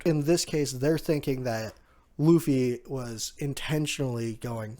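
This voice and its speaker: A man's voice: mid-range voice, unhurried, mellow. Chatty man recapping a comic chapter. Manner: chatty, frequent fillers and restarts, amused. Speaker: manga chapter reviewer. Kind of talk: casual recap commentary.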